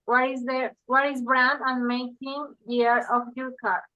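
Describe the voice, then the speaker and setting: Slow hesitant woman on a dull call. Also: high-pitched, level tone. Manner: hesitant, many fillers. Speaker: trainee in role-play. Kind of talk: call center practice role-play. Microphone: video call.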